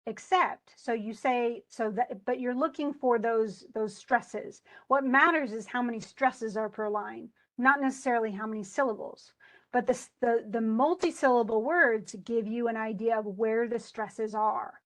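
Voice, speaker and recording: A woman teaching poetry in a lesson, her voice sitting a little on the high side. She talks with false starts and slows down to stress the syllables she means. Her tone is patient. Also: steady tone. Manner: thinking aloud with restarts, slowing to stress words. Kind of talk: live tutoring on meter.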